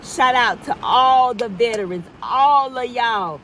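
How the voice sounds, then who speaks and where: A woman's voice: a little high, animated, slow, hardly any pauses, fairly bright tone, a little hiss or hum, low-quality recording. A middle-aged woman vlogging from inside her car, talking emphatically and repeating herself for effect. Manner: emphatic, repetitive, preachy. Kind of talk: casual car rant to camera. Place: inside a parked car in heavy rain.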